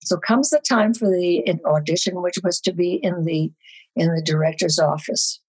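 An older woman, a guest actress, telling animated stories on a podcast with a husky voice. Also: on the low side, moderate pace, poor audio. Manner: animated storyteller. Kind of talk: podcast storytelling.

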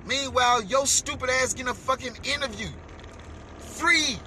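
A man delivering a heated, profane rant as a vlogger, shouting at times. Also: very high voice, normal speed, slight background noise. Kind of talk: heated ranting commentary.

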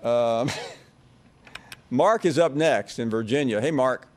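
A man hosts a sports call-in radio show in an easygoing way. His voice sits in a middle pitch, and he drops dry wisecracks between calls. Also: takes it slowly, darkish tone. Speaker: radio talk show host.

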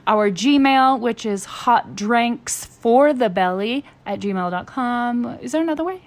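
A woman cohosting a casual podcast, chatty and wry, with a somewhat high pitch. She laughs easily and talks freely with her cohost. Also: expressive, takes it slowly. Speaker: podcast co-host. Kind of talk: casual chat.

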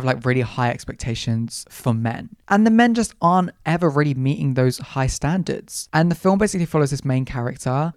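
A man's voice: medium pitch, a little mellow, no echo, clean studio sound. A young man hosting a solo podcast, chatting in a rambling way, questioning himself aloud and acting out quotes playfully. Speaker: podcast host. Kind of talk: casual solo podcast chat.

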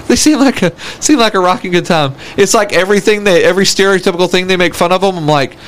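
A man's voice: sits high, fast, a bit bright, slight background noise. A man co-hosting a podcast in casual chat, crude and laughing often as he tells stories. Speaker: podcast co-host.

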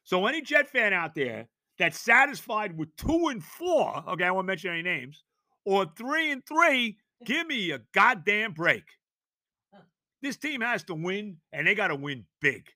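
A man's voice: high-pitched, big pitch swings, moderate pace, bright, forceful tone, no echo. An older man, hosting a solo sports podcast and ranting emphatically, with rhetorical questions and cursing. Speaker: podcast host.

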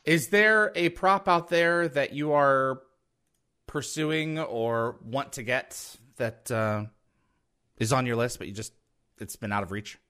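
A man hosting an interview, asking slow, drawn-out questions. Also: medium pitch, sharp tone, clean tone. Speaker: podcast host.

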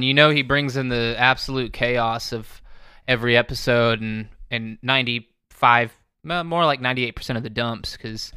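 Male co-host, bright and dry, rambling casual talker. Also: medium pitch, smooth, no room sound. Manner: rambling with stammered restarts. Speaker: podcast co-host. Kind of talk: casual chat.

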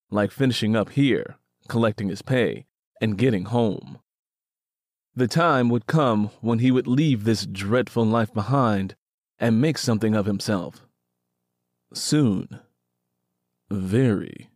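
A man's voice: lowish voice, darkish tone, no room sound. Man narrating a story, dry close sound. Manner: measured, descriptive storytelling. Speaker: audiobook narrator. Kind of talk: scripted narration.

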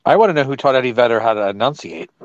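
A man co-hosting a podcast in casual chat, wry and joking, quick with puns. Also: mid-range voice, animated, no echo. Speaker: podcast co-host. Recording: dull lo-fi sound.

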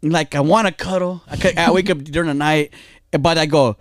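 A man's voice: on the high side, fairly even intonation, brisk, dry recording. A young man co-hosting a casual podcast, telling a rambling story and acting out both sides of an argument, laughing often. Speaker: podcast co-host. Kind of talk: casual chat.

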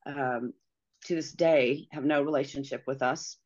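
Middle-aged woman guest, deep-toned and earnest, recounting her story haltingly over a dull, muffled recording. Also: steady tone, a little mellow. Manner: earnest, halting, many pauses and fillers. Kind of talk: personal storytelling.

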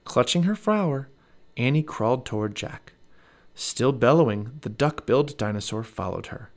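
A man narrating a children's storybook aloud, his mid-pitched voice rising and falling with lively expression. His delivery is animated, as if reading to kids. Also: normal speed.

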